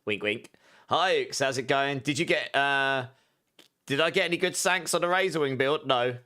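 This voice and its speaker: Streaming a game, a thirtysomething man with an Essex accent keeps up casual chat with his audience, reading out their messages and dropping quick asides. He's from southeast England, and his medium-pitched voice sounds sharp and clean.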